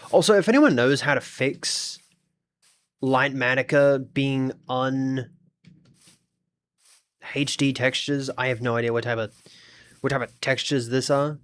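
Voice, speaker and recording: Australian male streamer, mid-pitched, rambling and chatty, talks to chat as he tinkers. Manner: chatty, thinks aloud, talks to chat while fiddling with the game. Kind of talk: casual live-stream chat.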